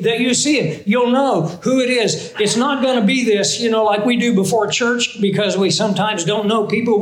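A man's voice: high voice, roomy sound, low-quality recording. A man teaching a Bible lesson in an earnest, conversational sermon style, often asking his listeners questions.

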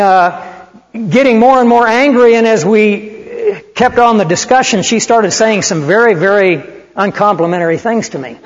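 An older man preaching a sermon, telling stories in an animated, conversational way. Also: high-pitched. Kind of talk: sermon with storytelling. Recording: muffled hall recording with long reverb.

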